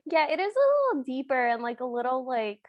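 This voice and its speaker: A woman co-hosting a podcast, making wry, quick asides and laughing often. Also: high voice, sing-song, no echo, highs cut off. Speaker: podcast co-host. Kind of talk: casual podcast chat.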